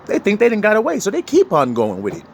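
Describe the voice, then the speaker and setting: Brief: man, sermon preacher, animated pitch, higher voice, faint noise behind. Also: fast talker, gravelly. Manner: preachy, laughs often, swings between loud and low. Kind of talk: street sermon.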